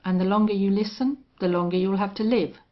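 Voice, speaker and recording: A woman voicing a soft-spoken, cold male gunman with a gentle, measured delivery. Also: mid-range voice, fairly even intonation, natural voice. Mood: cold calm. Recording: dull lo-fi audio.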